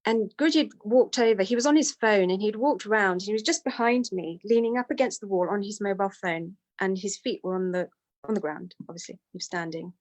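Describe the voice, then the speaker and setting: A woman's voice: mid-range voice, a little fast. A woman telling a personal story in a candid, self-deprecating way. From United Kingdom. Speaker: devotee sharing testimony.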